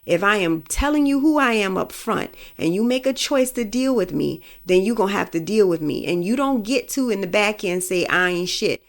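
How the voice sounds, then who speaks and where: A woman's voice: mid-range voice, animated, moderate pace, few pauses. A woman hosting a podcast, giving her opinions in a blunt, vulgar, emphatic way with speech. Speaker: podcast host. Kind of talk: casual opinion monologue.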